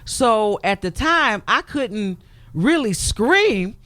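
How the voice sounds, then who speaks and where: A woman's voice: on the high side, sing-song, takes it slowly, a bit bright, no room sound. A woman who is a guest on a radio talk show, telling her personal story emphatically and acting out the quotes she recounts. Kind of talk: personal testimony in a radio interview. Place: radio studio.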